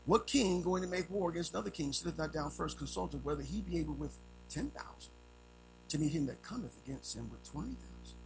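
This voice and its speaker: Male preacher, high raspy-edged voice, animated storyteller, low music and hum under him. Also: poor audio. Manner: storytelling with vivid sound effects, swings between loud and hushed. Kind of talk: sermon.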